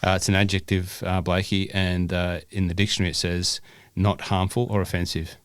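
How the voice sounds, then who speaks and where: Give me a man co-hosting a podcast with a low, dry voice, chatty and self-deprecating, full of ums and uhs. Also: level tone, brisk, clear, resonant tone, dry recording. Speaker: podcast co-host. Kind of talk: casual podcast chat and reading quiz questions.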